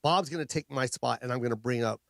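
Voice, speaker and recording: A man, a comedian guest on a radio talk show, telling a story in an animated way with quick asides and repeated words, at a studio microphone. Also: medium pitch, vocal fry, no echo.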